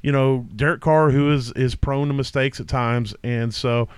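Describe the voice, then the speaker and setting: A man's voice: mid-range voice, fairly even intonation, moderate pace, clear, resonant tone, no room sound. A man co-hosting a casual fantasy sports podcast, rambling and joking with lots of fillers. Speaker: co-host.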